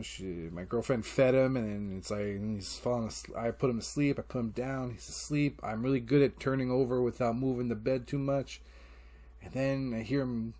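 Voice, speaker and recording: Middle-aged male podcaster, mid pitch, loose rambling storyteller who acts out quotes and swears freely. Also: a little mellow. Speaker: podcast host. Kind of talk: casual solo podcast monologue.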